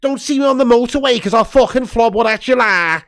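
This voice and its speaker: A man's voice: very high-pitched, a bit bright. A man mimicking a spitty pundit. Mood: mocking. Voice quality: wet, spitty mouth sound. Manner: slow, drawling mockery with swearing. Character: impression of a gruff Scouse male pundit.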